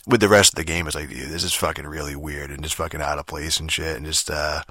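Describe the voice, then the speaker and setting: A man rambles through a casual game review in a very low voice with a forceful edge. He swears almost every line, piles on fillers and restarts, and the sound is dry and close with no room. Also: fairly even intonation, fast, no echo.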